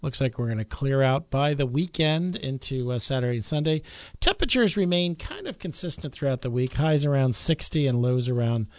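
A man hosts a local radio show, reading the weather in a loose, easygoing way with little pauses to think. His voice sits in a middle register and sounds close and dry, with no room around it. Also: mid-range voice, dry recording. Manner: relaxed, with uh fillers. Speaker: radio host. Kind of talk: casual local radio chat.

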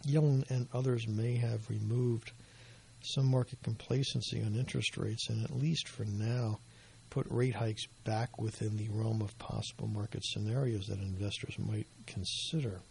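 Hoarse, husky male market commentator, measured and explanatory, low gravelly tone. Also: fairly even intonation, a little mellow, a little hiss or hum. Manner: measured, explanatory, with dry asides. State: losing his voice.

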